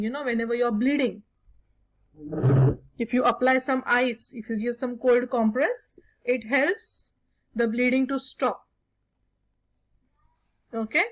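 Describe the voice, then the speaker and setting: Teacher explaining a story. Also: female voice, on the high side, takes it slowly, long pauses. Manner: explanatory, repeats "okay" often.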